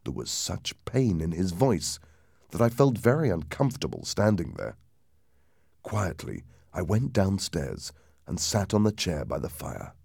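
Man telling a spooky story, voice swings all over, gravelly and husky, dead dry sound. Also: a little slow, no room sound. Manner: lively, dramatic reading that drops low and hushed for suspense. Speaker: narrator. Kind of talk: storybook narration.

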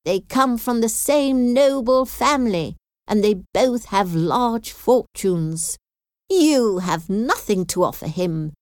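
A woman's voice: medium pitch, expressive, takes it slowly, no echo, studio quality, voice pushed up. A woman reading aloud voices a haughty, aggressive old aristocratic lady who speaks in a commanding, hostile way. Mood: angry.

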